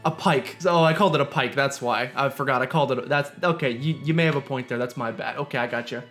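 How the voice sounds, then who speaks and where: A young man streams a video game with game music in the background, joking and ranting as he plays and sometimes reading the game's lines aloud. His voice is mid-range and a bit bright, and he talks quickly in casual commentary.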